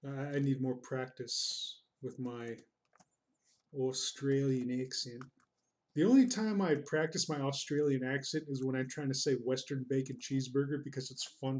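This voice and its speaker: A man's voice: mid-range voice, fairly even intonation, moderate pace. A man streaming his drawing, chatting casually, reading out chat comments in a rambling, self-deprecating, goofy way.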